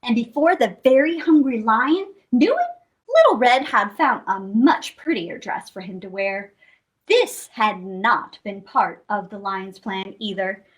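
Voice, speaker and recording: A woman hosting a children's storytime reads a picture book aloud. Her voice sits high and swoops up and down with sing-song expression. She takes her time over each line. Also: animated, measured pace.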